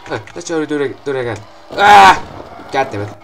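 A young man giving excitable gameplay commentary, swearing often and breaking into loud outbursts and laughs. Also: mid-range voice, very fast, soft background music, some chatter behind, rough recording.

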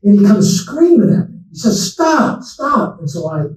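A man's voice: high-pitched, sing-song, fairly quick, warm tone. A man, a memory doctor giving a conversational talk to older people, telling folksy stories and speaking directly to his audience. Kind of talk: conversational public talk to seniors. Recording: echoey room, distant from the mic.

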